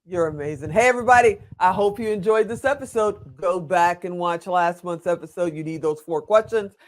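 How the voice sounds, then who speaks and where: A woman's voice: on the low side, fairly quick. An older woman hosting an interview show, gushing over her guest and speaking frankly about herself. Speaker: host. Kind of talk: enthusiastic interview host chat.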